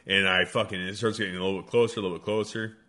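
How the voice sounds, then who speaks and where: A guest hunter from the American Midwest races through a rambling hunting story in a low-pitched voice. He's casual and animated, and he swears heavily.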